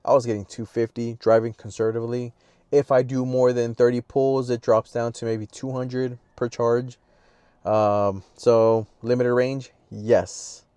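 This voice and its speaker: A man's voice: medium pitch, level tone, a little slow, warm tone, clean tone, no room sound. A man talking casually to camera outdoors about his car, plain-spoken with offhand asides, sniffly from allergies. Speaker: vlogger reviewing his car.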